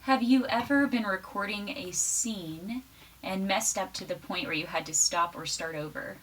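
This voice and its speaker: A woman's voice: medium pitch, moderate pace, fairly bright tone. A woman interviewer asking short, dry questions. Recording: distant, faint background hiss.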